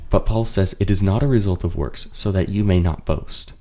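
On his podcast, a host with a very low, warm, mellow voice leads a Bible study at a moderate pace. He explains earnestly and returns to his points to drive them home.

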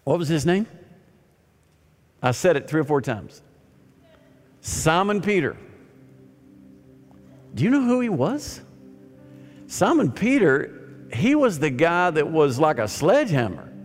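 A male pastor preaching a sermon, swinging from loud emphatic lines to soft, near-whispered ones. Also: a little high, big pitch swings, takes it slowly, long pauses. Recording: long hall reverb with faint music.

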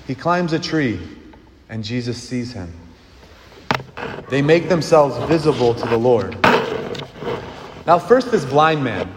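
A man's voice: medium pitch, lively intonation, slow pace, long pauses. A man giving an earnest sermon as a priest, asking the congregation questions and leading them in a response. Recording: long hall reverb with clear background noise.

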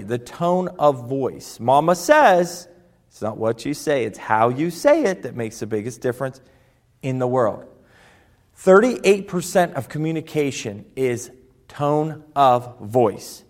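A man's voice: on the high side, darkish tone. A man giving a motivational talk on personal development, emphatic and varying his delivery for effect. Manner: emphatic, rising and falling for effect.

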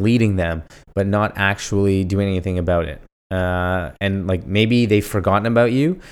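A man hosting a casual solo podcast, asking himself questions and answering them in a jokey, animated way. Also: lowish voice, clean tone. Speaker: podcast host.

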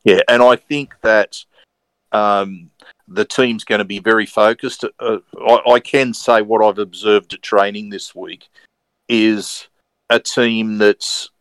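Co-host: man, lowish voice, halting and careful, dry studio sound. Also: steady tone, fairly bright tone, smooth, no room sound, low-quality recording. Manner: hesitant, many fillers and restarts, careful wording. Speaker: podcast co-host. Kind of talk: casual sports podcast chat.

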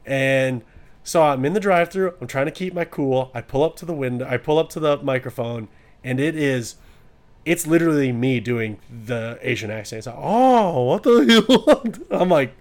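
A man's voice: mid-range voice, normal speed. A man co-hosting a podcast, telling a crude, joking story and often laughing. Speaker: podcast co-host. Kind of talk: casual podcast chat and anecdote.

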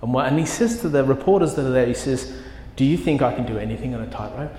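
Pastor preaching in an echoing hall. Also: male voice, medium pitch, fast talker, warm tone. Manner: storytelling, building to emphatic quoted commands. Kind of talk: sermon. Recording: echoey hall with long reverb.

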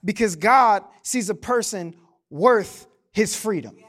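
A male pastor preaching a sermon, animated and quick to joke with the congregation. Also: high-pitched. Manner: animated, joking asides to the congregation.

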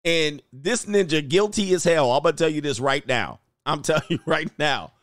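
A man hosting a livestream, reacting to clips with loud, slangy joking commentary. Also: fairly high pitch, lively intonation, normal speed, no echo.

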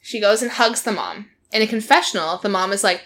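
A woman hosts a casual podcast chat and recaps a reality show. Her voice is bright and forward. She tells the story in an animated way, laughing often and leaning on "like" as a filler. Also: medium pitch, brisk. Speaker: podcast host.

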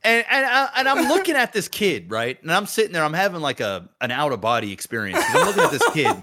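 A man co-hosting a podcast, telling a home story in casual chat, animated and full of swearing and laughs. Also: a little high, fast, very noisy. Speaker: podcast co-host.

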